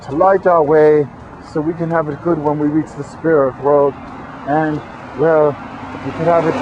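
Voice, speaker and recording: A man's voice: on the high side, a little mellow. Man, comic rambling monologue, rhymes and repeats, faint traffic hum behind. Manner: playful rhyming wordplay, repetitive, crude jokes. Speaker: host of a channeling recording. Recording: dull lo-fi recording with faint traffic noise.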